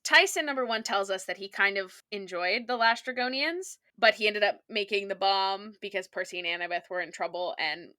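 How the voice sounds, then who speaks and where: Bright-voiced chatty woman podcaster. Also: mid-range voice, fairly quick, hardly any pauses. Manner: chatty, peppered with "like". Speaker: podcast co-host. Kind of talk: casual chat recapping a TV episode.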